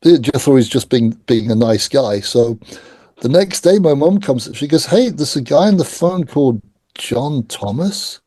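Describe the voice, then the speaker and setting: A middle-aged man tells rock anecdotes in a relaxed interview, mimicking the people in his stories. His voice is dark and mellow, recorded dry and close on a call. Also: mid-range voice, unhurried, slightly rough, no room sound. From England. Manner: animated anecdotes, acts out quoted voices. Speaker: guest. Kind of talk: casual storytelling interview.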